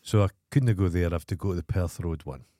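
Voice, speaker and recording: Sweary Scottish man, low voice. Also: fast, mellow, no echo, studio quality. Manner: sweary storytelling, blunt and grumpy. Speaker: podcast co-host. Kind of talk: casual chat.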